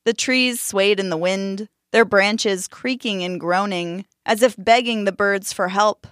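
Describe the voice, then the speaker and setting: A woman reads a story aloud in a calm, measured and expressive way. Her voice sits at a middling pitch. The recording is dry and close, with no room echo. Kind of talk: scripted storybook narration.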